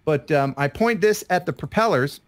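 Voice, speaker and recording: A man's voice: a little high, lively intonation, normal speed. A man in his fifties co-hosting a live stream, chatty and self-deprecating, often trailing off and laughing. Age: 50s. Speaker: guest co-host. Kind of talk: casual live-stream chat.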